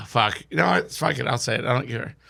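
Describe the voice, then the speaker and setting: A man's voice: mid-range voice, lively intonation, normal speed, creaky, sharp tone, breathy edge. A young man telling a wild drinking story as a podcast guest, swearing and laughing through it. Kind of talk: casual storytelling.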